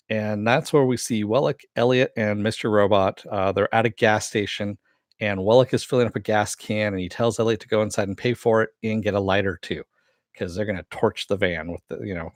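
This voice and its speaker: A man's voice: dry recording, clean studio sound. A man casually recapping a TV episode and answering chat, rambling with many fillers. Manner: acts out quoted lines with raised pitch. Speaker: show recap host.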